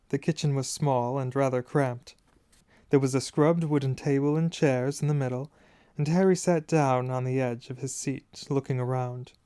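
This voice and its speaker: Guy reading an audiobook, mellow smooth voice, dry close sound. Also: medium pitch, dry recording. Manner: measured, expressive storytelling. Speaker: audiobook reader. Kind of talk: audiobook narration.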